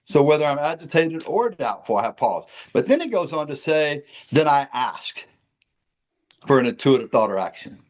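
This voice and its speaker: Man, recovery podcast co-host, earnest, emphatic, preacherly, slightly high pitch. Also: sing-song, normal speed.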